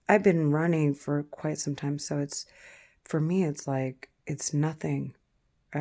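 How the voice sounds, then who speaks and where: A woman vlogger talking casually to the camera, halting, with frequent pauses and fillers. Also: sits low, vocal fry, warm tone.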